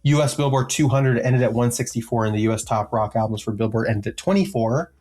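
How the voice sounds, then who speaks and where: A man's voice: mid-range voice, brisk, a little mellow. A man co-hosting a music podcast, casually reading out chart positions with lots of filler and joking asides. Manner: jokey, rambling, many filler ums. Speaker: podcast co-host.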